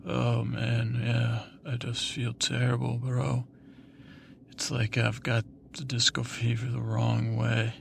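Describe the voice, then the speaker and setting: Man playing a mopey 1970s disco superhero, gravelly voice, sighing, faint hiss. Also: mid-range voice, monotone, slow. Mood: glum.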